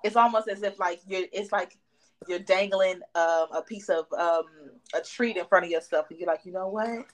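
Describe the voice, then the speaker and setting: A woman host, lively and slangy in a casual spiritual chat. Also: lowish voice, normal speed, low-quality recording. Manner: lively, slangy, hyping the guest. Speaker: podcast host.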